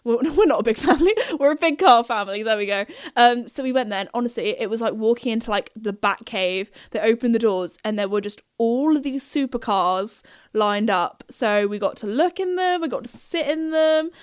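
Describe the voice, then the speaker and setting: A woman's voice: on the high side, animated, normal speed, clean tone, no room sound, studio quality. A young woman hosting a podcast, telling stories in a chatty, giggly way with lots of fillers. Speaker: podcast host. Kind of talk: casual chat.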